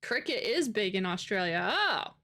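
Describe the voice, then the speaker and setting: A woman's voice: medium pitch, big pitch swings, moderate pace, pushed and bright. An American woman livestreamer chatting casually with viewers, rambling and laughing often. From United States. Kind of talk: casual chat with live viewers.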